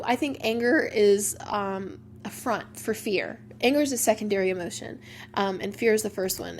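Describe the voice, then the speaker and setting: On her casual personal podcast, a young woman with a slightly high voice talks chattily and emotionally, filling her speech with "like." A bit of hiss or hum sits under the audio.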